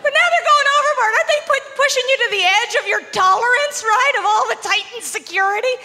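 High, bright-voiced stand-up comedienne. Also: female voice, fast talker. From Canada. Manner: animated, acts out voices, laughs often. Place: comedy club stage before a live audience. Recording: live hall recording with crowd noise.

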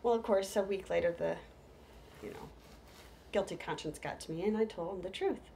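A middle-aged woman telling humorous stories, lively, with hushed whispered asides. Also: mid-range voice, moderate pace, creaky, a little hiss or hum. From United States. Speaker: storyteller. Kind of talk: humorous stage storytelling.

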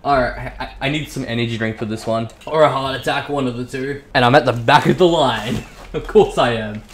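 A man giving excitable, casual commentary as he plays a game, swearing and talking to himself. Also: medium pitch, brisk. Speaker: gaming YouTuber. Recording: echoey room with faint background hiss.

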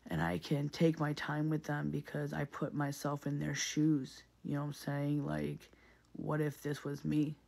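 Gravelly, husky man talking earnestly. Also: on the high side, monotone, a little slow, darkish tone. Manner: earnest, repeats himself, many fillers. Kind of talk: casual reflective monologue.

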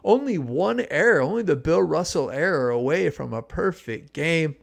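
A man in his fifties from the San Francisco Bay Area, hosting a podcast and telling a nostalgic story in an animated, exclamatory way. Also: a little high, moderate pace, gravelly. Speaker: podcast host.

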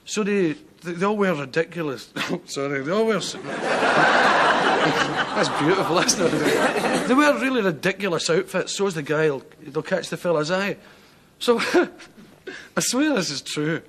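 A man's voice: high-pitched, lively intonation, moderate pace. A Scottish man, a talk show guest, tells rambling comic anecdotes and chuckles his way through them. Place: TV studio with live audience. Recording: 1970s TV studio with audience laughter and hiss.

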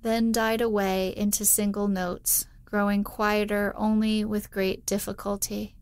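Calm woman narrator for a bedtime reading; unhurried, hushed, mid-pitched, dry studio sound. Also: clean tone, no room sound. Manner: soft, hushed, drifting into whispers. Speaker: bedtime story reader. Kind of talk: slow, soothing sleep-story narration.

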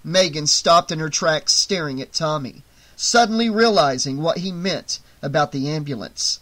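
A man's voice: on the high side, animated, moderate pace, sharp tone. A man reading a horror novel aloud as an audiobook, in dramatic, tense scripted narration.

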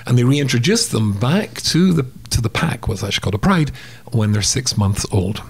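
Gravelly-voiced man telling a lively anecdote. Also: medium pitch, a little fast. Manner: animated storyteller, acts out sounds and voices. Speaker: guest storyteller. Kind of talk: casual anecdote in a podcast interview.

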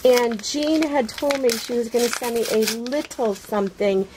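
A woman unboxing a package on her craft vlog, gushing with excitement and many fillers. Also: on the high side, normal speed, background noise. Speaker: craft vlogger.

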